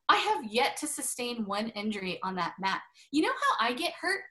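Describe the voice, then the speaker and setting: A woman's voice: on the high side, very animated, normal speed, sharp tone. A middle-aged woman chatting as an interview guest, full of fillers and frequent laughs. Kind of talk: casual interview chat.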